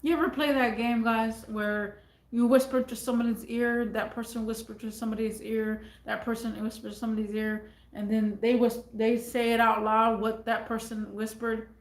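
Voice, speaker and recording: A woman's voice: on the high side, little pitch movement, normal speed. Rambling woman vlogger in an echoey room. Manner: rambling, repeats phrases. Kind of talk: casual talk to camera.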